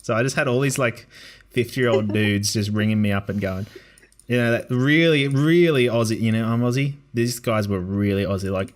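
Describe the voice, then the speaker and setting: Podcast host, man, medium pitch, loose rambling storyteller who swears, on a call mic. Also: fast talker. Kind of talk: casual podcast chat. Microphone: online call mic.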